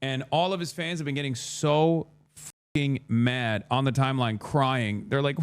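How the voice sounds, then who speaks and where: A man doing live-stream political commentary, sarcastic and crude, ranting in quick bursts. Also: mid-range voice, fairly even intonation, clean tone, no echo. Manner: sarcastic, crude, rapid rants.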